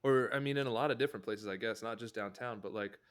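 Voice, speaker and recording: A man's voice: fairly low pitch, quick pace, clear, resonant tone. A man co-hosting a podcast, musing in a laid-back, reflective way. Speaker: podcast co-host. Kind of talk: casual chat.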